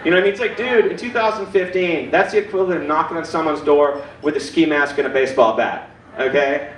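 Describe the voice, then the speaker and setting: A man's voice: on the high side, quick pace, roomy sound, distant mic, slight background noise, rough recording. A man in his forties doing a stand-up comedy set, self-deprecating and acting out other people's voices. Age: 40s. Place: comedy club stage. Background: audience laughter.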